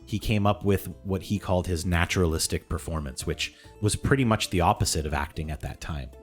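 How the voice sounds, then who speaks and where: A man's voice: sits low, brisk, soft background music. A man co-hosting a podcast, chatting casually in a jokey, playful way and laughing often. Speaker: podcast co-host.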